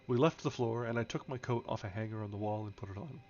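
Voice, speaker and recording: Reading a novel on a live stream, this man talks fast in a fairly low voice, stumbling and restarting now and then and giving the characters light vocal changes. Soft background music plays under slightly dull home audio.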